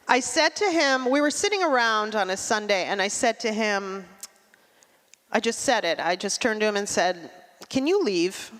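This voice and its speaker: Deadpan woman doing stand-up in a hall. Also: medium pitch, unhurried. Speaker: stand-up comedian. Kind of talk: stand-up comedy set. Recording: long hall reverb.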